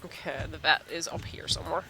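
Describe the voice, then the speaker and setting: A woman's voice: low-pitched, steady tone, a little fast, creaky, noisy background. A woman hosting a gaming channel, giving casual gameplay commentary and joking and exclaiming at the screen.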